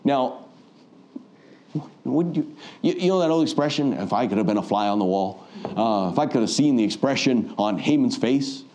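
Mellow-voiced man preaching a sermon. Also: medium pitch, animated, normal speed. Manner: storytelling, acts out quoted voices.

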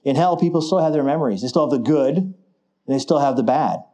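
A man's voice: a little high, fast. A middle-aged man preaching a sermon, building to emphatic declarations. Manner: emphatic, rising to forceful declarations.

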